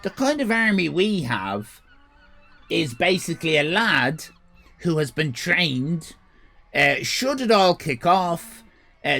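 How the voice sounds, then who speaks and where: An Irish man hosting a live stream, chatting casually with viewers, swearing and joking in animated rants. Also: a little high, creaky. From Ireland. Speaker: livestream host.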